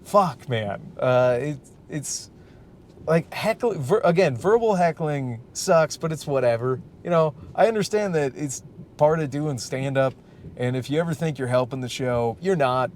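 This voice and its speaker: A man's voice: on the high side, expressive, unhurried, darkish tone, slight background noise. A man and stand-up comic hosting a casual solo podcast, ranting in a profane, rambling, worked-up way. He is from Michigan.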